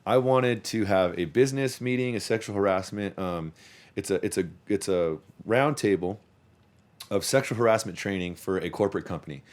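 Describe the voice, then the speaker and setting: A man with a fairly low voice talks through a loose, rambling podcast chat. He swears freely and doubles back on his words, repeating them whenever he restarts a thought. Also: normal speed. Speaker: podcast host; youth sports coach. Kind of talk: casual chat.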